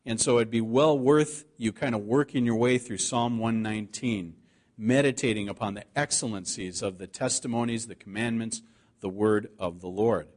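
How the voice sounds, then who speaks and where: A man preaching a sermon, reading scripture aloud and slowing down to stress the key words. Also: on the low side, a little mellow. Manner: earnest preaching, slows to stress scripture quotes. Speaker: pastor.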